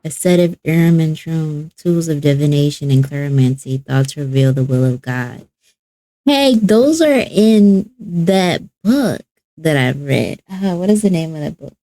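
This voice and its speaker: A woman's voice: deep voice, lively intonation, measured pace, mellow, no room sound. A woman casually commenting while playing a game, musing aloud about what she sees. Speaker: gameplay streamer. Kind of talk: casual let's-play commentary.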